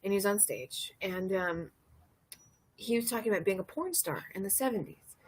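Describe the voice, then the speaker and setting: Breathy woman, thirties, loose chatty livestream host, giggly storyteller. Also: mid-range voice, lively intonation, normal speed. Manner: rambling, laughing storyteller reading chat. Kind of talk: casual drinking livestream chat.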